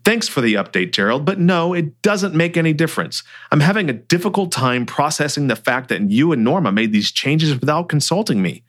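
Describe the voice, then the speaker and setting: A man's voice: on the high side, sing-song, fairly quick, hardly any pauses, fairly bright tone, voice pushed up. A man voicing a tense, defensive financial advisor. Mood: hurt and bitter. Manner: tense, sarcastic under strain.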